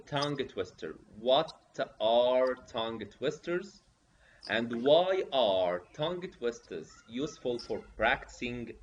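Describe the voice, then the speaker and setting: A man teaching pronunciation over a video call, slowly repeating prompts and coaxing participants to answer. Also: medium pitch. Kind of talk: online teacher training session. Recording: dull lo-fi audio with faint hiss.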